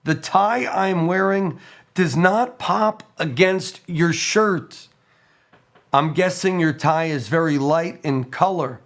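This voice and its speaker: A man hosting a call-in radio show, chatting casually and reading listener messages, his voice hoarse. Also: fairly high pitch, takes it slowly.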